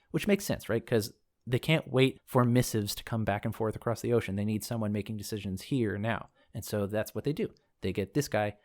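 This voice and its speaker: A man hosting a lore podcast, reading from a book and wandering into casual asides as he thinks aloud. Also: medium pitch. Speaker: podcast host discussing game lore.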